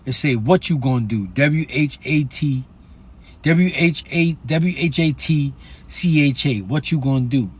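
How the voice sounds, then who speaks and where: A man's voice: a little high, a little slow, husky. Talkative New York man, loose and blunt. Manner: loose, profane and talkative, with sudden loud emphatic bursts. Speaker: author selling his books. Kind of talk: casual livestream chat with a book reading.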